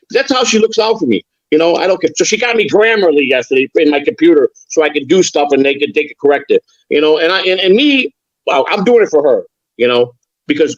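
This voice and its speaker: A man's voice: a little high, no echo, dull audio. An older man talking on a live stream as a guest, rambling and frank, with frequent stammered restarts. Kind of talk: casual chat.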